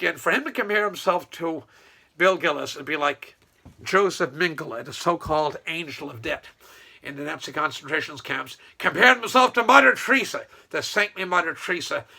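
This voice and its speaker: Man, older, gravelly, scornful rambling rant, loud mocking bursts. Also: fairly high pitch, normal speed. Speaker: local political commentator. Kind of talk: casual political rant to camera.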